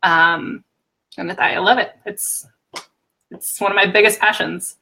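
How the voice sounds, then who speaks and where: American woman guest on a live chat, bright voice, kinda hesitant, lots of ums. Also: medium pitch, unhurried, creaky, breathy edge, low-quality recording. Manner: relaxed, hesitant, many ums. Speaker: guest, photographer and writer.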